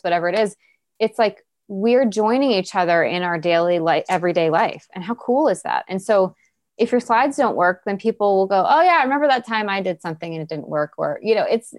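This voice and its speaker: A woman guest speaking as an author and coach in a casual podcast conversation, with an encouraging, coaching tone. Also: mid-range voice.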